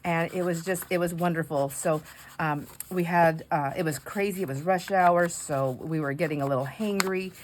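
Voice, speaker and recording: Chatty woman craft vlogger, lowish voice. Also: moderate pace, slight background noise. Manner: chatty, rambling storytelling with fillers. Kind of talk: casual chat while crafting.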